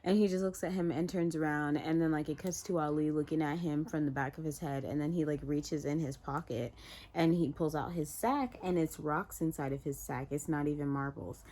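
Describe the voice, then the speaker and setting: A woman with a somewhat low voice runs through a TV drama's plot in a casual vlog recap. She talks in a chatty, animated way, leaning on "like" and filler as she retells scenes. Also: a little fast. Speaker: TV show reviewer.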